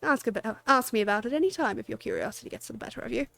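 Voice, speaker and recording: A woman's voice: on the high side, very fast, creaky, pushed and bright, no echo, exaggerated voice. A woman reading a game's quest dialogue aloud for a haughty scholar obsessed with aether research, in a lofty, condescending way.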